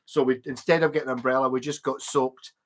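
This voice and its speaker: A man's voice: medium pitch, steady tone, quick pace. A Scottish man in his forties hosting a livestream, chatting casually and telling rambling anecdotes with a chuckle. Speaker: livestream host.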